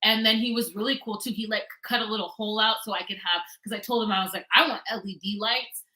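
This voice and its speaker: Woman with a bright voice gabbing on a livestream, laughs a lot, starts over mid sentence. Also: medium pitch, fast, low-quality recording. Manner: animated, laughs often, trails off and restarts. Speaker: book blogger and guest co-host. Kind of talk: casual livestream chat.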